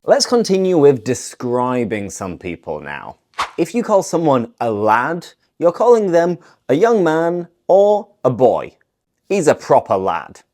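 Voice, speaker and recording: A woman from the north of England with a Northern English accent, teaching English phrases in a clear, deliberate way. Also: sits low, sing-song, dark tone. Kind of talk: scripted language lesson.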